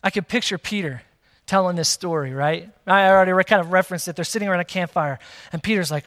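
A man preaching a sermon to a congregation, lively and emphatic, with playful asides. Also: sits high, a little fast. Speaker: pastor. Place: church hall with long reverb. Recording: reverberant church hall.

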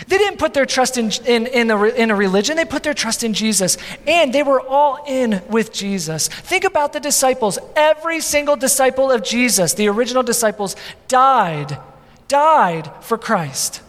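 High-voiced preaching man in a reverberant hall. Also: normal speed. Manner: animated preaching, many repeats and asides. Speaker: pastor. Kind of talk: sermon.

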